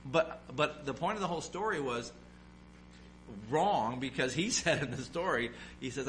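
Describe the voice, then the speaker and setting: A male pastor delivering a sermon with a bright, forceful tone. He asks the listeners questions and acts out the people in his stories. A faint hum sits under the recording. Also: mid-range voice, lively intonation, moderate pace, rough recording. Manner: preaching, acting out quoted voices, asking the congregation questions.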